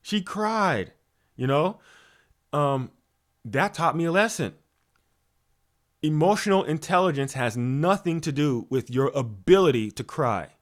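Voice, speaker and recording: A man's voice: a little high, lively intonation, measured pace, long pauses. A man giving a motivational talk as a spiritual coach, preachy and full of rhetorical questions, restarting and repeating words as he goes.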